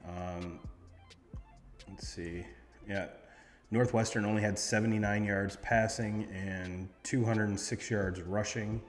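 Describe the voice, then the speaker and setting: Man, sports host, rambling stat recap, low voice, long echo, faint music behind. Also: steady tone, slow. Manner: rambling, reads off stats with many fillers.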